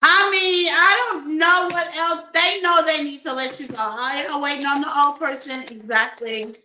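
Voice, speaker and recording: A woman's voice: high voice, steady tone, moderate pace, pushed and bright, echoey room, a little hiss or hum, low-quality recording. A woman doing a casual tarot reading for her viewers, playful and laughing often as she talks to them like friends. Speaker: tarot reader.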